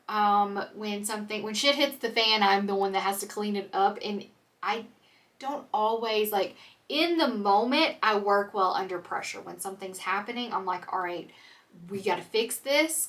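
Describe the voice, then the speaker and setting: Sitting far from the mic, a young military spouse who vlogs talks to the camera in a chatty, candid way, filling her speech with "um" and "like." Her voice is mid-range and a bit bright.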